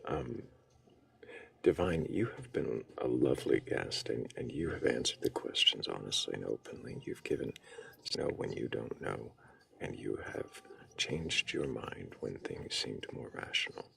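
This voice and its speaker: Very deep gravelly male host. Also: expressive, fairly bright tone, far from the mic, low-quality recording. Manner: gracious, measured. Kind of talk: live discussion show hosting.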